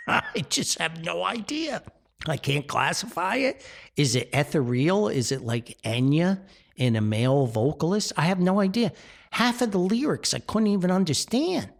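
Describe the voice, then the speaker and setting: An older man from New with a gravelly, creaky voice delivers a grumpy podcast rant. His pitch swings widely as he talks, and he sounds exasperated and laughs often. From Paterson, New Jersey. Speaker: podcast host.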